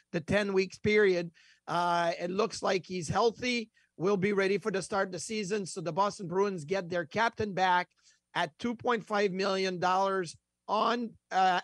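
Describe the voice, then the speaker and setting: A man's voice: high voice, fairly bright tone, dry recording. A man co-hosting a casual sports talk show, rambling with many fillers and restarts. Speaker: hockey podcast co-host.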